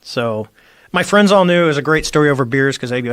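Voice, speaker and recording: A man's voice: medium pitch, racing, dry recording. A middle-aged man, a former Navy squadron commander, telling a story in casual conversation and acting out the quoted lines. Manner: animated storyteller, acts out quoted dialogue.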